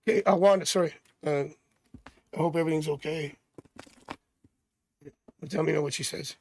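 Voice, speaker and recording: A man's voice: on the high side, moderate pace, creaky. A middle-aged man from Canada doing a live tarot reading, chatty and rambling with jokey asides. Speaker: tarot reader.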